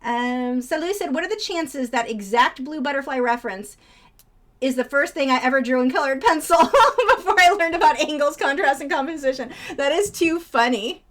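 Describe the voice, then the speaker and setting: Young woman, casual stream host, talkative and rambling, pitch on the higher side. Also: expressive, moderate pace, a bit bright. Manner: chatty, rambling, high baby-talk to her birds. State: out of breath. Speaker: artist live-streamer. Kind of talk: casual live-stream chat.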